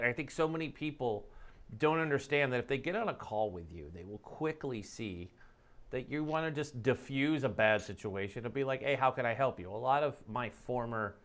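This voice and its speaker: A man hosting a podcast, chatting casually with his guest and getting animated in his asides. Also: medium pitch. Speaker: podcast host.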